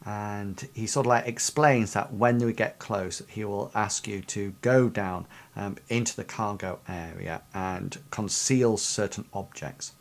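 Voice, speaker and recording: A man's voice: lowish voice, a little slow, creaky. A man narrating a fantasy tabletop game as game master, rambling with many fillers. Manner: rambling, many ums and sort-of-likes.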